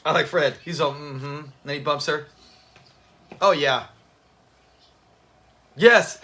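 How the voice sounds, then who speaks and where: Man, high bright voice, casual livestream host, laughs a lot, chats with viewers. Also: takes it slowly. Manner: chatty, laughs often, talks to the live chat. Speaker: channel host. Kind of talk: casual livestream watch-party chat.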